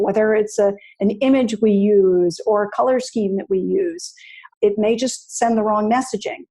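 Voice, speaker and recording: Mellow-voiced woman in her fifties. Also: a little high. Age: 50s. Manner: thoughtful, restarts phrases, spells things out slowly. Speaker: podcast guest. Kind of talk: casual interview chat.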